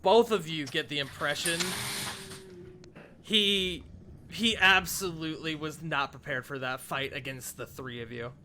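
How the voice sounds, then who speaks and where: Bright-voiced male game master. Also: fairly high pitch, unhurried, a little hiss or hum. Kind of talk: narrating a tabletop game.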